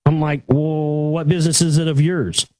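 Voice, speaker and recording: A male talk show host delivering an angry, profane rant that keeps building toward shouting. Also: on the high side, flat delivery, normal speed, no echo. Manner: aggressive, profane, escalating to shouting.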